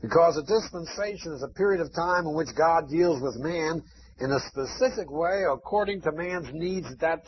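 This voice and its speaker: A man's voice: fairly high pitch, breathy edge. A man preaching a sermon, emphatic and chanting repeated phrases. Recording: dull lo-fi recording.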